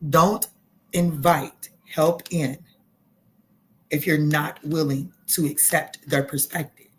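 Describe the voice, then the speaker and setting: Excitable woman giving a live tarot reading. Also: deep voice. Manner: excitable, swears freely, repeats phrases. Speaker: tarot reader hosting a live stream.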